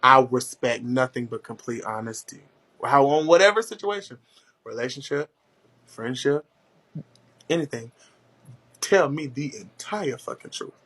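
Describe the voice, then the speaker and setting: A man holding forth in a relaxed conversation, his voice bright and forward. He tells stories with a steady stream of swearing and swings high in pitch when he gets worked up. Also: unhurried, pauses often. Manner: profane, animated storytelling with big pitch swings. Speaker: host. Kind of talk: casual chat.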